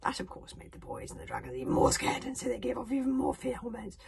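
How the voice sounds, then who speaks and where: A woman reading a storybook aloud in a hushed whisper, breaking into chatty asides. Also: a little high, sing-song, fast talker, gravelly, background noise. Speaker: narrator.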